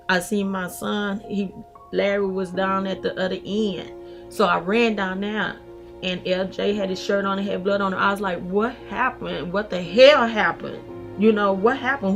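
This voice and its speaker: A middle-aged woman, telling her story in a documentary interview and acting out what people said. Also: mid-range voice. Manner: vivid retelling, acting out past dialogue. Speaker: interviewee, mother of a shooting victim.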